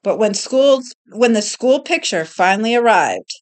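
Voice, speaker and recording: A woman reads a picture book aloud to a child in an unhurried, sing-song way. Her pitch rises and falls a lot and sits fairly high. She stops often to point things out in the pictures. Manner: slow, expressive, doing voices and pointing out pictures. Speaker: storyteller reading to a child.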